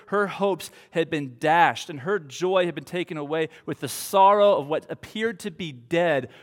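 A man preaching a sermon as pastor, in an earnest, slow style with emphatic pauses. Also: fairly high pitch. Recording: long hall reverb.

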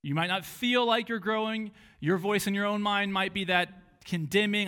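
A man with a fairly high voice delivers a sermon in an earnest, questioning way. He asks his listeners one question after another and sometimes slips into a mocking inner voice to make his point. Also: normal speed, few pauses, bright, forceful tone, smooth. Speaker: pastor.

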